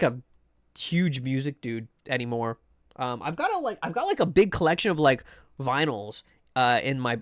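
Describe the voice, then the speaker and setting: A man's voice: medium pitch, fairly bright tone, no echo, clean studio sound. A man streaming live, chatting casually with viewers in a rambling way, full of fillers and restarts. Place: home room.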